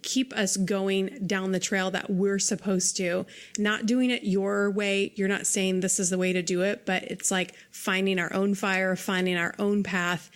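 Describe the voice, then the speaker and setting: A woman's voice: medium pitch, level tone, a little slow, few pauses. A woman hosting a podcast, talking earnestly and from the heart in casual interview chat, often restarting her sentences. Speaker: podcast host.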